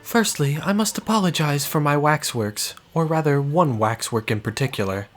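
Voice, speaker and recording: A man's voice: on the high side, normal speed, soft background music, voice pushed up, natural voice. A man voicing a young, mysterious woman who runs a waxwork museum, with a shaky put-on French accent and a formal, stern manner.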